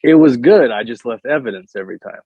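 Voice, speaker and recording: A man's voice: medium pitch, lively intonation, fast, breathy edge, dry recording, phone-quality sound. A man guest telling wrestling stories in casual chat, often stumbling and repeating words as he starts a sentence. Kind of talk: casual storytelling on a podcast.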